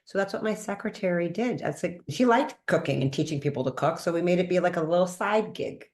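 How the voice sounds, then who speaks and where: A woman who is both host and doctor talks in a casual interview conversation with a lowish, fast voice. She is animated, laughs often and acts out quoted dialogue.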